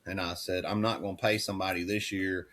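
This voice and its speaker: A middle-aged dairy farmer chats in a rambling, folksy way. His voice sits a little low. He often slips into quoted back-and-forth between people. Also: little pitch movement, a little fast, a bit bright. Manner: folksy, rambling, acts out quoted dialogue with rising pitch. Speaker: dairy farmer and auctioneer, podcast guest. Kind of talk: casual storytelling chat.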